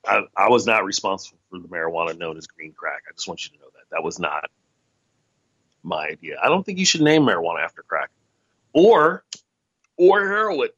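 A man's voice: low voice, very animated, fairly quick, fairly bright tone, breathy edge, no room sound, lo-fi sound. A man hosting a casual solo podcast, rambling and sarcastic, often breaking into laughter at his own jokes. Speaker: podcast host.

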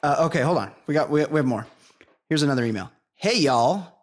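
A man's voice: a little high, fast. A man hosting a podcast in casual chat, joking crudely and reading listener emails. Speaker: podcast host.

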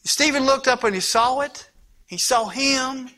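A man preaching a sermon with passion, shifting between loud, urgent lines and hushed, near-whispered ones. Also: very high voice, a little slow. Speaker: pastor.

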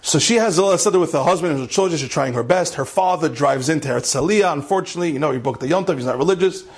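A man's voice: fast talker, slightly rough. A man, a rabbi, tells an inspirational story with mounting passion and sprinkles in Hebrew and Yiddish terms. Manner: impassioned, climbs higher and louder at emotional peaks. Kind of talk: animated storytelling lecture.

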